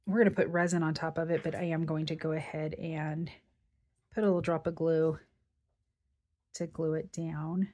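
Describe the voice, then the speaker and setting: Brief: woman craft host, lowish voice, relaxed chatty walkthrough at her table. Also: moderate pace, long pauses. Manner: chatty, thinks aloud while working. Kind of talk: casual craft tutorial.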